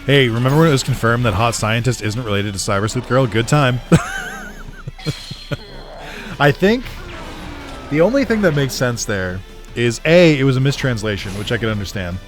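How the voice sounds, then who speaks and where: Speaking at a medium pitch and a normal speed, a man chats casually on a game stream, sounding animated and leaving long pauses. He rants sarcastically, swears a lot and laughs often, with soft music playing in the background.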